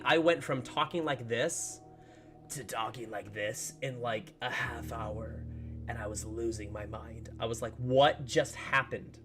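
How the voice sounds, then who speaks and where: Man, gaming livestreamer, casual chat, middle-pitched voice, talks to his dogs, at home, faint background music. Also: a bit bright. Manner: chatty, greets viewers and talks to his dogs. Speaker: livestreaming gamer.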